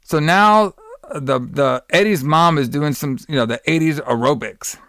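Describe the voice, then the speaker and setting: A man with a fairly high voice chats through a film plot on a podcast, swearing freely and slipping into the characters' lines. The sound is close and dry, with no room around it. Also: moderate pace, pushed and bright, no room sound. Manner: profane, rambling, acts out characters' lines. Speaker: podcast co-host. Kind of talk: casual chat recapping a film.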